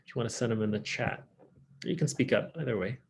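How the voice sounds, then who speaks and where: A man with a Californian accent, teaching a French class online and modelling French words slowly and clearly. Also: medium pitch.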